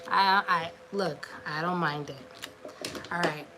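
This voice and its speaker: A woman's voice: lowish voice, slow pace, over music. A woman giving a casual, encouraging tarot reading on a livestream, chatty and full of filler "like"s. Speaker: tarot card reader.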